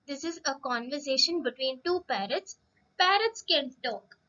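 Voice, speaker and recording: A woman teacher giving a slow lesson to young children, drawing out words and asking them questions. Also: high-pitched, lively intonation, bright, forceful tone, lo-fi sound. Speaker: primary school English teacher.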